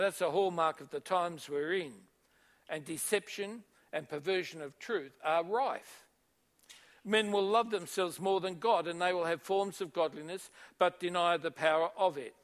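High-voiced emphatic male preacher. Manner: emphatic, repeats key phrases, calls on congregation. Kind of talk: sermon.

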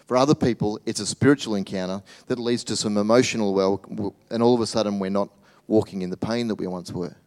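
A man preaching a sermon as pastor, swinging between loud animated bursts and hushed, tender asides. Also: on the low side, fast, hardly any pauses.

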